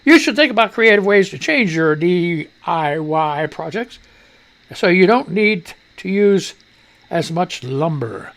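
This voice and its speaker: A man's voice: high-pitched, expressive, a little slow, vocal fry, fairly bright tone. A man hosting a radio show, reading news items and breaking off into crude, mocking asides. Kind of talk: casual news commentary.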